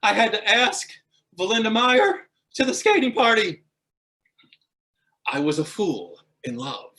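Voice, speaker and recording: A man's voice: high voice, measured pace. A man telling a humorous true story as a guest speaker at a speaking club, building to punchlines. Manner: animated, punchline-driven storytelling.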